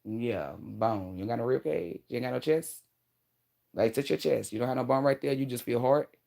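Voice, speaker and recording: A woman in her thirties talks directly to her viewers in a casual advice monologue. Her delivery is blunt and animated, full of slang and casual swearing. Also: very deep voice, normal speed, gravelly. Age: 30s. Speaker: vlogger giving relationship advice.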